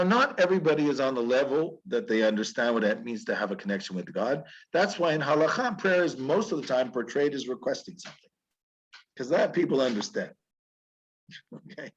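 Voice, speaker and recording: A man, a rabbi, teaching through stories in an animated, conversational way that is sprinkled with chuckles. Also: medium pitch, husky, muffled recording. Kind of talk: storytelling lecture.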